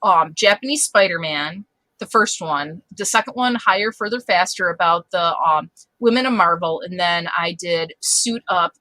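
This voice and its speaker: A woman co-hosting a podcast in casual chat, talkative and full of ums and pauses. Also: fairly low pitch, sharp tone, no room sound, rough recording. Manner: chatty, with many ums and hesitations. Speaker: podcast co-host.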